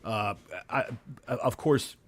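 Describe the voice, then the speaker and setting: A man's voice: mid-range voice, slow pace. A man hosting a casual sports podcast, ranting and swearing freely. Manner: profane, ranting, mock announcements. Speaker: podcast host.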